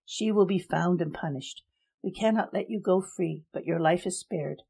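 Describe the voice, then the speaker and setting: A woman voicing a cold young male emperor who speaks in measured, formal decrees in a storybook reading. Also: on the low side, gravelly, mellow, husky.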